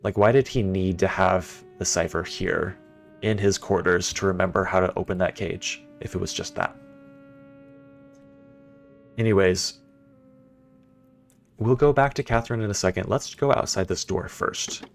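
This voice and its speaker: A man with a deep, low voice talks casually through a game stream. He thinks out loud as he plays, answers comments from chat, and keeps a playful, chatty manner. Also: moderate pace, creaky, long pauses, soft background music.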